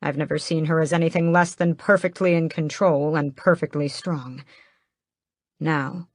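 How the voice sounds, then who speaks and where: A woman narrating a first-person fantasy audiobook in a measured, steady way, close to the mic. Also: low-pitched, dry recording.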